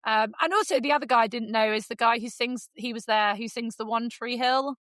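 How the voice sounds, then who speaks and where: Animated Englishwoman telling a funny story. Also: brisk, dry recording. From England. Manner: animated, lively storyteller with jumps into high voices for quotes. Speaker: podcast co-host. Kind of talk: casual storytelling chat.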